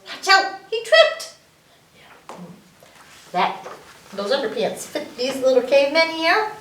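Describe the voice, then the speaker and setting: A woman's voice: high voice, a bit bright, a little hiss or hum. A woman reading a picture book aloud at a library story time, playful and sing-song. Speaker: children's librarian. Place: library room. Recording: roomy echo, mic far off.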